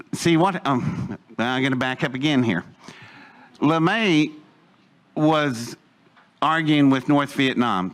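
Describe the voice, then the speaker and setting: A man's voice: mid-range voice, fairly bright tone. Picture an older man holding a room with a long personal story. He wanders off on tangents, backs up to fill gaps, and laughs at his own asides in an easy, unpolished telling. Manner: rambling, digressive, chuckling asides. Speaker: speaker telling a life story. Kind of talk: anecdotal storytelling to a live audience.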